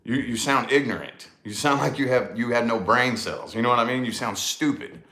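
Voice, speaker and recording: A man's voice: mid-range voice, fairly quick, pushed and bright. A man with a Tennessee accent chatting casually, rambling and repeating himself with lots of "you know what I mean.". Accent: Southern US, Tennessee. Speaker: vlog host, musician. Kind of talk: casual chat. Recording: roomy echo.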